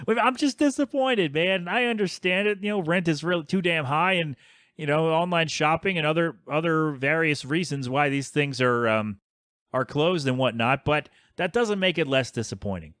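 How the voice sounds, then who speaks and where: A man's voice: on the high side, moderate pace, fairly bright tone, no echo, clean studio sound. A man in his thirties hosting a podcast, rambling casually with plenty of fillers and grumbling asides. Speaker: podcast host.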